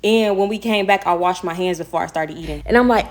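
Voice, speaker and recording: A young woman from telling a casual storytime, blunt and animated, and she swears freely. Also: on the low side, quick pace, hardly any pauses. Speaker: vlogger.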